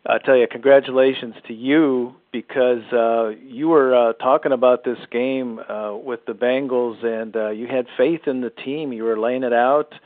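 A man's voice: mid-range voice, fairly even intonation, moderate pace, hardly any pauses, no room sound. A male caller leaving an enthusiastic message on a show's call-in line, talking with many fillers. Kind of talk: call-in voicemail. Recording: tinny phone line.

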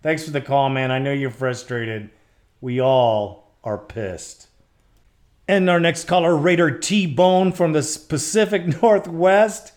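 A male podcast host taking fan calls with an easygoing manner. His voice is a bit high and he keeps it casual. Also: takes it slowly, a little mellow. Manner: casual, laid-back, calls listeners bro. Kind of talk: fan podcast call-in show.

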